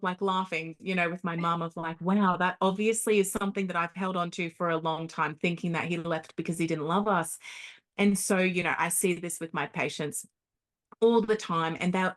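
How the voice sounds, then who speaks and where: A woman working as a homeopath, telling stories in a casual interview and acting out the quotes. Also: on the low side. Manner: animated storytelling, acts out quotes.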